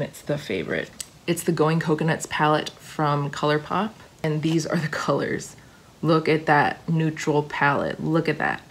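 A woman reviewing makeup products in casual, gushing chat, her voice a little hoarse because she is getting sick. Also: sits low. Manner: gushing, chatty, restarts often. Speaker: beauty vlogger.

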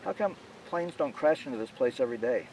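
A man's voice: mid-range voice, lively intonation, fairly quick, a little mellow, distant mic, a little hiss or hum, lightly acted, low-quality recording. A man putting on a brash wisecracking gunman.

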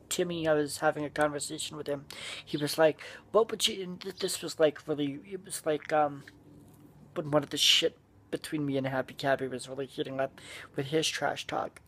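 A man delivering an angry, profane rant straight to his online critics, often breaking into shouts. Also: fairly high pitch. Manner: profane, furious, shouting bursts. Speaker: vlogger. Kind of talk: angry ranting monologue.

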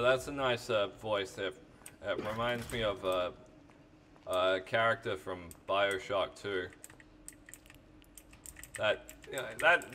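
A man's voice: lowish voice, bright, forceful tone, slight background noise. A man hosting a let's play, chatting casually while gaming, rambling, joking and swearing.

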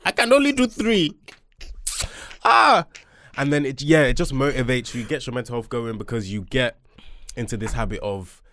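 A man guesting on a podcast in casual chat, telling animated, jokey stories. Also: medium pitch, a little fast, dry recording. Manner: animated, jokey storytelling with swearing.

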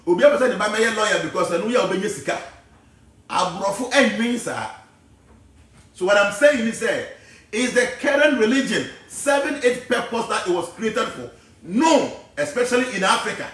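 A man with a Ghanaian accent, giving an animated, preachy talk that wanders from point to point. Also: sits high, normal speed, heavy reverb, far from the mic. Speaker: spiritual teacher. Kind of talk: casual talk mixing English and Twi.

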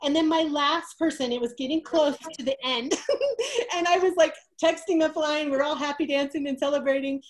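High-voiced woman telling an excited story. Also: normal speed, poor audio. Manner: animated, laughs often, acts out quoted dialogue. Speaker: network marketing distributor.

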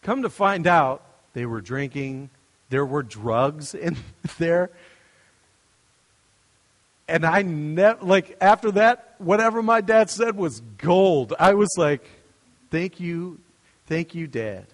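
Casual young male preacher, storytelling tone, higher-pitched, big reverberant hall. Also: lively intonation, takes it slowly. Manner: storytelling, conversational, with restarts and asides. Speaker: pastor. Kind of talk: sermon.

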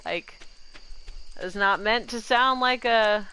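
Bright-voiced woman streaming a farming game. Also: a little high, slow, a little hiss or hum. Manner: chatty, gushing over baby animals, talks to chat and her pets. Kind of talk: casual gameplay commentary.

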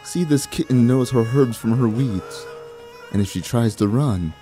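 A man voicing a cryptic, sly old female witch in game dialogue, speaking in a hushed, measured, teasing way. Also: mid-range voice, faint music behind, lightly acted. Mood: menacing.

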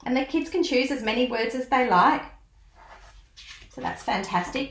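A woman's voice: a little high, expressive, normal speed, pauses often. A woman educator reading a children's book aloud and explaining it, in a teacherly way that asks the listener questions. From Australia. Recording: roomy echo.

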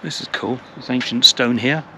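Recorded outdoors with traffic clearly audible, an English travel vlogger walks through a village and narrates casually. His voice is medium-pitched at normal speed, and he rambles chattily, often repeating words.

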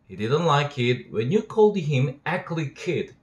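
A man's voice: a little high, very animated, measured pace, hardly any pauses. A man, an English teacher reading a novel aloud steadily and voicing its dialogue. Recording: roomy echo.

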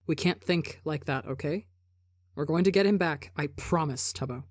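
Lady doing a steady sure-of-himself guy, low and soft, soothing, dry close sound. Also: normal speed, no room sound. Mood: reassuring. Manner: calm, confident, soothing. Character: steady young man, calm and reassuring.

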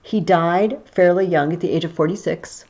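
A woman's voice: on the low side, moderate pace, darkish tone, dull audio. A woman history teacher talking through a recorded video lesson in a chatty, explaining way.

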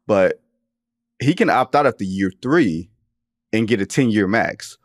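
Forties dude on a sports podcast, kinda low voice, dry close mic, punchy and jokey. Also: male voice, expressive, measured pace, no echo. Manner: emphatic, joking, drawls into slang. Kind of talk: casual sports chat.

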